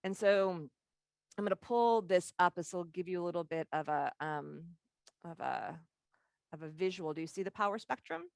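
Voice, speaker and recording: A woman's voice: fairly low pitch, moderate pace, creaky, no echo. A woman leading a live leadership workshop, teaching in a candid, storytelling way and laughing as she talks, heard over a video call.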